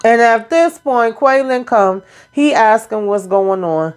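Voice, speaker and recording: A woman's voice: a little high, animated, takes it slowly. A woman hosting a casual reality TV recap, blunt and profane, acting out quotes as she retells scenes. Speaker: YouTube reality TV recap host.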